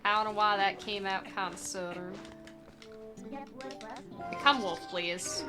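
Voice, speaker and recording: A young woman streams a randomized adventure game, chatting playfully and rambling with lots of "like" as she plays. Her mid-range voice is pushed and bright, slow with frequent pauses, and soft music plays in the background.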